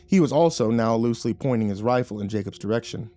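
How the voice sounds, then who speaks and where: A man narrating a scripted horror story in a measured storytelling manner. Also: medium pitch, mellow, faint music behind.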